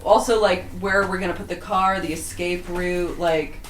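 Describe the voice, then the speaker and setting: A woman's voice: fairly low pitch, steady tone, moderate pace. A woman playing a tabletop game with friends, talking plans through with lots of fillers. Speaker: tabletop player. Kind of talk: casual chat at a game table. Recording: echoey room with faint noise.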